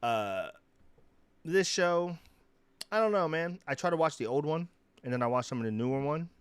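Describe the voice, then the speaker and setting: A young man, co-hosting a casual podcast chat and rambling through animated retellings. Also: a little high, moderate pace, clean tone, no echo. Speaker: podcast co-host.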